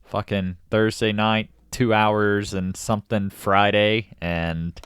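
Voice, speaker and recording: A man's voice: on the low side, flat delivery, takes it slowly, fairly bright tone, smooth, no room sound, studio quality. A man co-hosting a casual podcast, talking bluntly and offhandedly, swearing casually. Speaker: podcast co-host.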